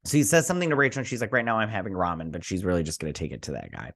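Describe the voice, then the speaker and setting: A man's voice: sits low, rapid-fire. A young man casually recapping and reviewing a TV episode, rambling with many fillers and restarts. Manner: rambling with many fillers and restarts, paraphrasing characters in a flat aside. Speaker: TV review host.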